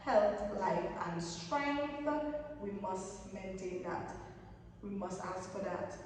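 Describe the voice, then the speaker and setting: A young woman vlogger offers casual new-year motivational tips, emphatic and often repeating her points, with lively intonation at a slow pace. Her medium-pitched voice sounds far off in an echoey room, with a little hiss or hum.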